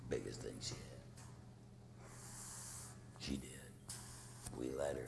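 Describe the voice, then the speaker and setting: A middle-aged man preaching a sermon as pastor, telling a family story with acted quotes, swinging from loud to hushed. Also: extremely low pitch, slow pace, vocal fry. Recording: long reverb, faint noise.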